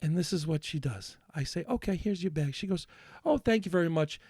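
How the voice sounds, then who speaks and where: A man's voice: fairly high pitch, expressive, fairly quick, a little mellow, husky, no room sound, clean studio sound. A man on a podcast, ranting in a worked-up, swearing rush while telling a story in casual chat. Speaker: podcast co-host.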